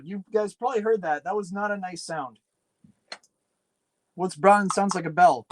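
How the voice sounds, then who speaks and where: A man's voice: sits high, normal speed, pauses often, no echo, rough recording. A man streaming late at night while building a PC, muttering, swearing and rambling to himself as he works. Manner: rambling, self-deprecating. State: tired, up late. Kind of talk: casual livestream chat while building a PC.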